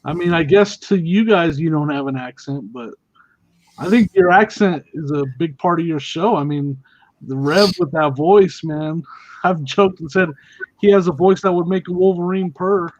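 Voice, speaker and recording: A man chatting casually as a guest on a live stream, talkative and quick to laugh. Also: fairly high pitch, dry recording, dull audio. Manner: chatty, giggly.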